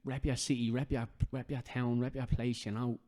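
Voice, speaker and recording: A man's voice: medium pitch, level tone, normal speed, dark tone. An Irish man hosting a casual podcast chat, talking earnestly and emphatically and repeating his points for stress. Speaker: podcast host.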